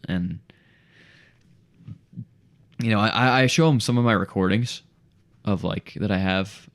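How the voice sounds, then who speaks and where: Young man, very deep voice, animated, casual storytelling, podcast guest. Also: a little slow. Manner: animated, says "dude" and "bro" a lot.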